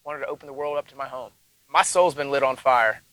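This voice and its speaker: A man's voice: mid-range voice, quick pace, fairly bright tone, dry recording, rough recording. Earnest Texan man in a news interview. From Texas.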